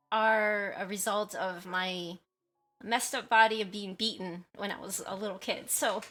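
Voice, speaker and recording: Bright-voiced, apologetic woman streamer. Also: mid-range voice. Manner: chatty and apologetic, rambling with many fillers and giggles. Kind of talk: casual livestream chat with viewers.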